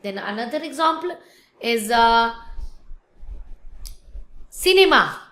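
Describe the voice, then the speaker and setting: A woman's voice: on the high side, expressive, fairly bright tone. Indian woman teaching French, echoey room. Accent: Indian English. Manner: mixes Hindi and English, repeats words slowly for drill. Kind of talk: classroom language lesson. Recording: echoey classroom.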